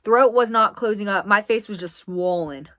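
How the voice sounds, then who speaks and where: A young woman from the US East Coast tells a story from her own life to camera. She talks casually and rambles, filling her sentences with "like" and breaking off into quick asides. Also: medium pitch, fairly bright tone. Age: 20s. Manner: chatty, rambling with frequent "like". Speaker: vlogger.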